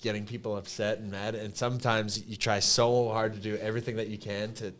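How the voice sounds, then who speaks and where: A young man with a Canadian accent, a podcast guest telling stories in a casual, emotional, animated way with many fillers. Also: lowish voice, brisk, a little hiss or hum. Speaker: podcast guest, clothing company co-founder.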